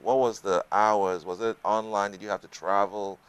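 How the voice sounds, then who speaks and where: Low, smooth-voiced male TV host. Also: fairly even intonation, moderate pace. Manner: asks long, stacked questions. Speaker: talk show host. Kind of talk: TV interview.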